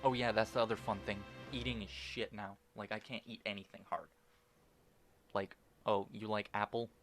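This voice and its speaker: A man's voice: fairly low pitch, fairly even intonation, normal speed, a bit bright, soft background music. A young man casually rambling through gameplay commentary at home, swearing often and restarting sentences with lots of fillers. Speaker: gaming channel host.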